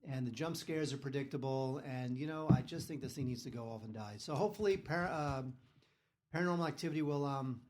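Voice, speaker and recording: A man hosting a podcast, reviewing movies in casual chat in a sardonic, halting way with lots of fillers. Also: mid-range voice, a little mellow. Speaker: podcast host, film reviewer.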